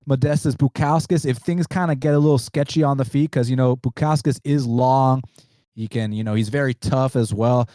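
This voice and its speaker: A man's voice: medium pitch, a little mellow, dry recording. A man co-hosting a betting show, laying out a fight pick in laid-back, slangy talk. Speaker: co-host, betting analyst. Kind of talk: casual betting analysis chat.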